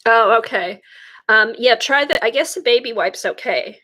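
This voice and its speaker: A woman's voice: fairly high pitch, expressive, normal speed, sharp tone. Chatty woman hosting an art livestream. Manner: chatty, greets viewers by name. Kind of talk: casual chat while crafting.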